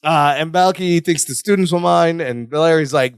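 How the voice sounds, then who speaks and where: A man's voice: on the high side, normal speed, clean tone, no echo, clean studio sound. A man co-hosting a podcast, casually recapping a sitcom and joking while acting out the characters' lines. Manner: animated, jokey, acts out characters' lines. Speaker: podcast co-host.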